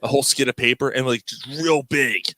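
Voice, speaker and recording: A man's voice: medium pitch, brisk, no room sound. A man telling a rowdy story to friends, cursing and laughing often. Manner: profane, laughing, animated, acts out voices in quotes. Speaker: podcast co-host.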